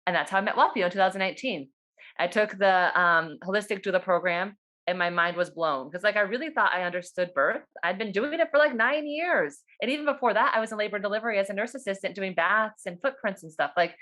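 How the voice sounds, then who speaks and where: Woman, doula, fast and animated storyteller on a video call, casual and excited. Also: medium pitch. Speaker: doula and birth worker.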